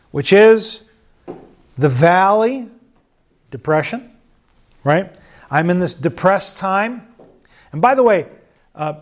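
A man preaching a sermon in church, conversational and joking with the congregation. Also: high voice. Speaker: pastor.

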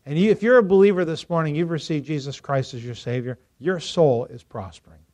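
A male pastor preaching a sermon to a congregation, lively and joking with them, rising to loud emphasis. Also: fairly high pitch, brisk. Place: church before a congregation.

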